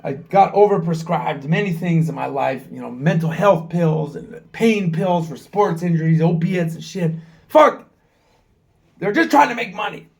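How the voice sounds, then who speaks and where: A man's voice: on the high side, lively intonation, unhurried, gravelly, darkish tone. A man in his forties from the United States, talking frankly to his own camera in a rambling vlog and swearing freely. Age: 40s. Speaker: travel vlogger. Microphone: camera mic, filming himself.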